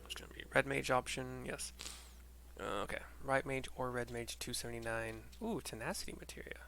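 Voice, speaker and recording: A man's voice: medium pitch, level tone, brisk, creaky, bright, forceful tone, slight background noise. A man casually reading out and narrating a game story for blind viewers, rambling, swearing and laughing at himself. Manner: rambling, swears, self-deprecating. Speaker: gaming narrator.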